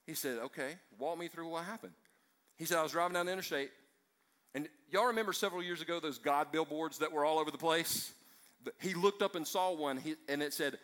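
A man preaching a sermon to a live church congregation, energetic and fired up, with joking side remarks. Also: on the high side.

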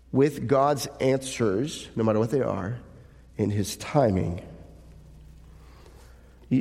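A pastor giving a sermon, reading scripture aloud and asking the congregation rhetorical questions in an earnest way. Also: male voice, mid-range voice, darkish tone, big-room sound. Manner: earnest preaching with rhetorical questions, occasional light laughs.

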